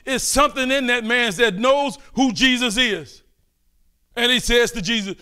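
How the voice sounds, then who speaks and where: An older man preaching a fervent sermon, calling out and pleading with his listeners between quieter asides. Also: extremely high pitch, moderate pace, smooth.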